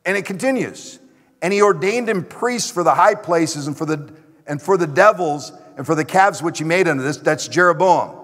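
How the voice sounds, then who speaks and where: A man's voice: fairly high pitch, moderate pace, a bit bright. A middle-aged man preaching a sermon as pastor, emphatic and asking the congregation question after question. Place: church sanctuary. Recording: long church reverb.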